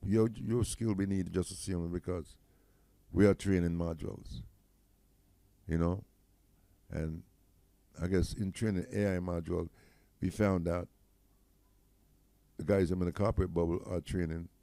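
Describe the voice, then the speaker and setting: A man's voice: sits low, dark tone, no room sound. A middle-aged man with a Jamaican accent, chatting loosely as he demos his own AI website and keeps checking in with "right?". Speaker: tech founder demoing his AI site. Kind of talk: casual screen-share demo.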